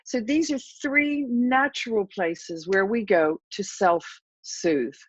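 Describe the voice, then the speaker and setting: A woman's voice: mid-range voice, expressive, slow pace, breathy edge, dry recording, lo-fi sound. A woman therapist giving an interview, explaining self-help techniques and coaching a breathing exercise in a confident, instructive way. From England. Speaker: therapist and hypnotherapist guest. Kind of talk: interview answers with a guided breathing demo.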